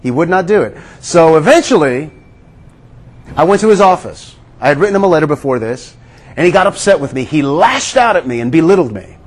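A man preaching a sermon, earnest and questioning his listeners, slowing down to stress key words. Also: fairly high pitch, lively intonation. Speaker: pastor.

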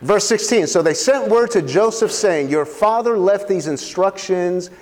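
A man with a high, lifted voice preaching a sermon in a church hall with a long reverb tail. He asks the congregation questions and repeats key phrases to drive them home. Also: animated, measured pace. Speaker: pastor.

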